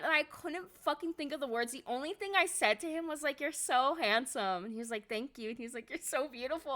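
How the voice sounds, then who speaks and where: A young adult woman chatting casually on a live stream, excitable and quick to swear and laugh. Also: high voice.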